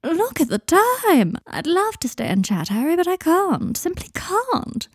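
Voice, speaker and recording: A woman reading fan fiction aloud, voicing a languid, sly young wizard man with a slow drawl. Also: very high voice, huge pitch swings, no echo, clean studio sound, pitched above the performer's own voice, full character voice. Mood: theatrical.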